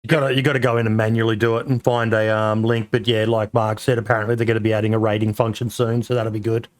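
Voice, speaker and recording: Relaxed podcast host. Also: male voice, fairly low pitch, fast talker, no echo. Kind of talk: casual podcast chat.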